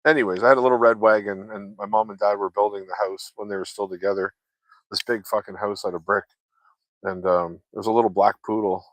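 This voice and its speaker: Low-voiced man in loose casual chat. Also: steady tone, fast talker, no echo. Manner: loose, chatty, swears freely, laughs often. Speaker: vlogger chatting with viewers.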